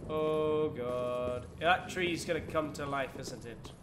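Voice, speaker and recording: A man's voice: a little high, moderate pace, noisy background. A man commenting on his own gameplay, panicky, yelping and swearing as he plays. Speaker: gaming channel host. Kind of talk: let's play commentary. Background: game music.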